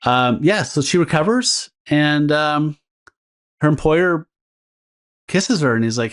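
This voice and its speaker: A man's voice: a little high, animated, takes it slowly, pauses often. A man co-hosting a casual podcast, recapping a comic story in a rambling, laughing way with many fillers. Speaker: podcast co-host. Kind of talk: casual comic book discussion.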